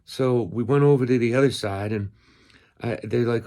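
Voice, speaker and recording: A man's voice: mid-range voice, normal speed, mellow. A man telling a casual, rambling story about his pets outdoors on his rural property, folksy and full of fillers and restarts. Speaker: cat owner vlogger.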